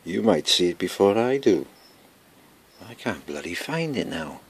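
A man with a Welsh accent, chatting slowly and rambling to himself as he walks through his garden, filming on a handheld camera, mixing English and Welsh. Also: low voice, expressive, vocal fry, husky. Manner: slow rambling chat, mutters to himself; switches between English and Welsh. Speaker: gardening vlogger. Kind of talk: casual garden walk-through. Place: outdoor garden. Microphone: handheld camera or phone.

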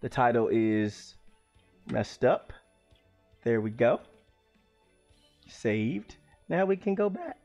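A man casually streaming a game, rambling and restarting his sentences, sometimes bursting into loud exclamations. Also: mid-range voice, very animated, slow pace, pauses often, soft background music. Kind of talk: casual let's-play commentary.

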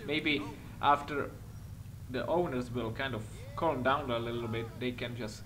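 A little slow in pace, this man's mid-range voice carries excitable let's-play commentary as he plays a patrol officer in a game. He's a gaming commentator whose non-native English has small slips, and he often swears and laughs.

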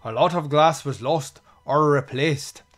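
A man voicing a calm, measured male reverend. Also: a little high. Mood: explaining.

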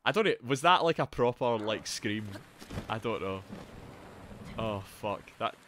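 A young man with a Geordie accent commentates his game on a live stream, his pitch jumping all over as he yells and curses at enemies. The audio carries a clear layer of background noise. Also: a little slow. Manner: excitable, swearing, yelling at the game.

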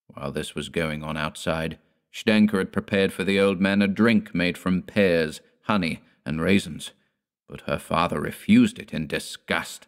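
Man, very deep voice, measured quiet horror audiobook narration.

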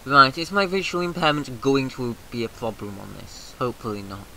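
Sharp-voiced British man, rowdy game commentary. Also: mid-range voice, a little fast, creaky, slight background noise, rough recording. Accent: British English. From Britain. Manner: excitable, profane, shouts rallying cries. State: throat a bit mucousy. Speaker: gaming video host. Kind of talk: casual let's-play commentary.

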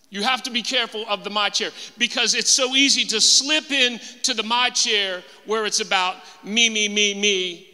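A man's voice: high voice, sharp tone. A male pastor preaching a sermon in a church auditorium, emphatic and repeating phrases for stress. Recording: long hall reverb, faint music.

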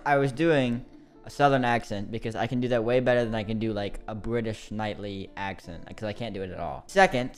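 A man in his late teens chatting casually to viewers as he plays a game. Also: medium pitch. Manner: chatty, slangy, talks to viewers. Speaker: gaming youtuber.

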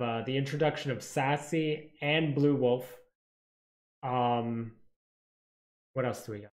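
A man's voice: medium pitch, roomy sound. A man hosting a casual stream chat, thinking aloud with lots of fillers. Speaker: series creator and stream host.

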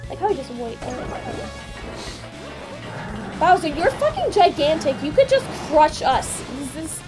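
A woman co-hosting a let's-play video, giggly and swearing, with loud exclamations over game music. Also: high voice, sing-song, a little slow. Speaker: gaming video co-host. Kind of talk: casual let's-play banter. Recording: game music playing behind.

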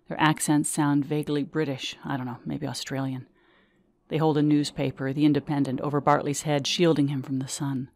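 A woman reading her memoir aloud, telling it in measured, vivid first person. The recording is dry and close, with no echo around her voice. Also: low-pitched.

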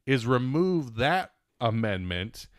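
A man's voice: medium pitch, big pitch swings, takes it slowly, no room sound, clean studio sound. A man co-hosting a humorous news podcast, riffing wryly with lots of hedging filler words. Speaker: podcast co-host. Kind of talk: casual comedic chat.

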